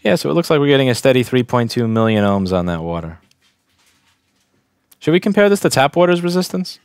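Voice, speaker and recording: A man's voice: medium pitch, very animated, fairly quick, smooth, dry recording. A young adult man from Staten Island, a repair technician casually talking through a bench test on a livestream, thinking aloud, restarting sentences and speaking bluntly. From Staten Island, New York.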